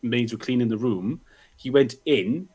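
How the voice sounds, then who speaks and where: A male podcast guest in casual chat, quickly retelling a story he was shown. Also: mid-range voice, a little mellow, breathy edge.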